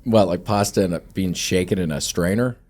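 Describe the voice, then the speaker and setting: A man's voice: low-pitched, a little fast, a little mellow. A man hosting a casual podcast chat, teasing and laughing often. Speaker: podcast host.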